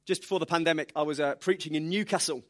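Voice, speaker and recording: A man preaching a sermon, telling lively stories with self-deprecating humor. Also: fairly high pitch, fast talker.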